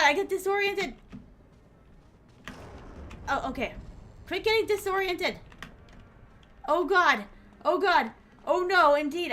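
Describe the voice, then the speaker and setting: Excitable high-voiced woman game streamer. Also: a little hiss or hum. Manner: excitable, talks to herself and chat while playing. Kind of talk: live gameplay commentary.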